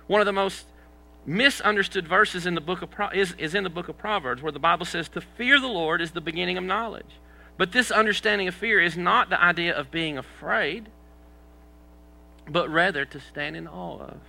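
A man's voice: high-pitched, gravelly, pushed and bright, rough recording. A man preaching a sermon in a church, in a conversational way that asks the congregation questions and pokes fun at himself. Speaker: pastor.

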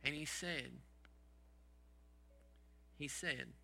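Pastor guy preaching, kinda high voice, a little gravelly, keeps asking the crowd questions. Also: extremely slow, sharp tone. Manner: asks the congregation rhetorical questions; folksy sayings. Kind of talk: sermon.

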